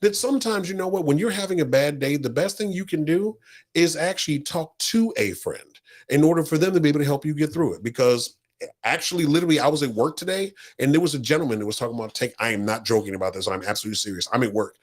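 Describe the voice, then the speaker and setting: A man's voice: fairly high pitch, fast talker. A man co-hosting a podcast, telling stories in an earnest, motivational way. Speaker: podcast co-host. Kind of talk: casual heartfelt podcast talk.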